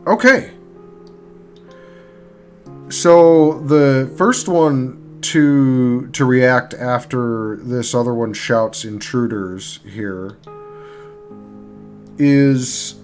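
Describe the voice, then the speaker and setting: Slow, halting man running a tabletop game. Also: medium pitch, darkish tone. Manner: halting, pauses while working the game tools. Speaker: game master. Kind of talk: narrating a live-streamed tabletop game. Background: faint guitar music.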